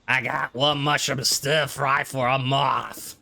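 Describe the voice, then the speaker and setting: A man putting on the voice of a gruff, overworked male diner cook, talking slow and loud in a gravelly drawl with a sore throat. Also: mid-range voice, heavily acted. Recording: steady background noise.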